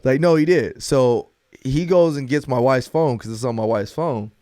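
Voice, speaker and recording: A man in his thirties, a father, telling a story in a relaxed podcast chat and often addressing the others as "bro". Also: medium pitch, moderate pace, dry recording, studio quality. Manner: laid-back storyteller who keeps saying "bro". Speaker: podcast co-host.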